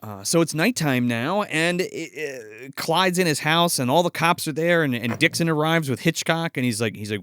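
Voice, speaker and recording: A man's voice: on the high side, expressive, moderate pace, hardly any pauses, fairly bright tone, smooth, dry recording. A man co-hosting a casual film review chat, swearing freely and acting out lines from the movie. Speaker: podcast co-host reviewing films.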